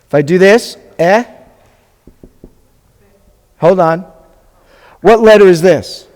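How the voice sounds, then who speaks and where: High-voiced man teaching in a reverberant hall. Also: takes it slowly, a little mellow. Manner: drills sounds with the class, joking asides. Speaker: rabbi teaching a Hebrew class. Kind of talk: live classroom teaching. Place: congregation classroom.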